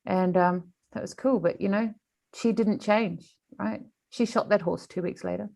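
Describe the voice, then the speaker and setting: A woman, an animal communicator, telling a story in an interview in an animated way, with frequent restarts. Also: mid-range voice, a little slow, creaky.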